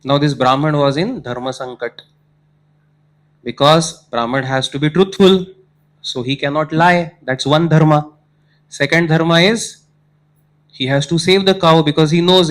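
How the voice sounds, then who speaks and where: A man's voice: fairly high pitch, moderate pace, pauses often. A man preaching, telling a moral story and checking that his listeners follow.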